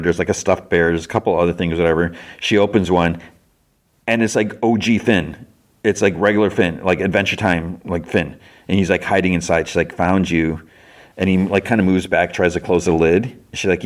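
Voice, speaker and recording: A man hosting a podcast, recapping a cartoon episode in a rambling, casual way and quickly acting out the characters' lines. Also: low-pitched. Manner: rambling, filler-heavy retelling with quick quoted lines. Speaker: podcast host.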